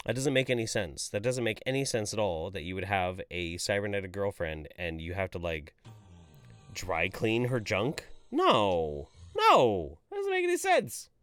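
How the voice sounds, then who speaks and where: Speaking in a lowish voice, a streamer reads his viewers' chats and rants about them with exasperation and profanity, swinging from loud outbursts to mumbled asides. The livestream commentary has studio-quality sound without echo.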